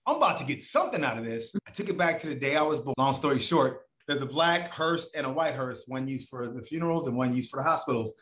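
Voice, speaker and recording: Animated man telling stories, echoey room. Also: medium pitch, fast talker, hardly any pauses. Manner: animated, profane, acts out voices of others. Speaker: podcast guest. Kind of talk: casual storytelling.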